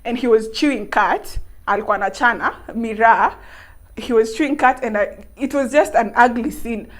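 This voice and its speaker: Young kenyan woman vlogging, chatty storytelling, laughs a lot, voice a bit high. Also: normal speed. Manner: animated, laughing, mixing in local words. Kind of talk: casual storytelling to camera.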